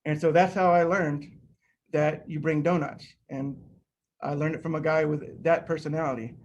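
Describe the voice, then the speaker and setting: A middle-aged man telling an anecdote during a seminar talk over a video call, lively and full of restarts. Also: fairly high pitch, moderate pace, lo-fi sound. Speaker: seminar speaker, rocket scientist.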